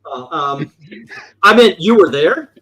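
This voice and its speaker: A male host trading jokes with friends in a loose, rambling chat. His voice sits a little high and swoops widely in pitch. He laughs often between lines. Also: animated, slow pace, fairly bright tone, breathy edge. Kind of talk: casual group chat.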